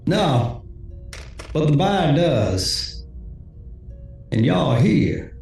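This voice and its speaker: Man playing a drawling bounty hunter: casual menace, higher than his own voice, slow and unbothered. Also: big pitch swings, creaky, a little mellow, heavy reverb, recorded from a distance, faint music behind, exaggerated voice. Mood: taunting.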